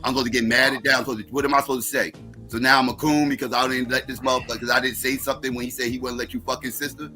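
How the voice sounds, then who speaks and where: Fast, bright-voiced man hosting a heated stream. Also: medium pitch, little pitch movement, faint music behind. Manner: rapid-fire repeated questioning, profane. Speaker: live stream host. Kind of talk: heated live-stream panel argument.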